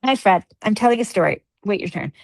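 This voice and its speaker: A woman co-hosting a podcast in casual chat, telling stories with lively energy and plenty of swearing. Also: medium pitch, quick pace, vocal fry, no echo. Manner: animated storyteller, swears freely. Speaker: podcast co-host.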